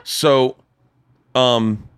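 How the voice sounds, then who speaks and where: A man's voice: medium pitch, very slow, clean tone. A man hosting a podcast in a home studio, telling stories in loose casual chat. He rambles, swears freely and gets heated. The sound is close and dry, with no room echo at all. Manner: animated, profane, rambling. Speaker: podcast host.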